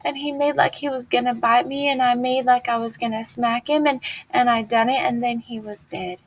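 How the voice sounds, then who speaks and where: A woman reading as big childlike Lennie, plaintive and husky. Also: on the high side, steady tone, pitched above the performer's own voice. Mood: mournful. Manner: plaintive, halting, simple speech. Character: big childlike simple-minded male farmhand.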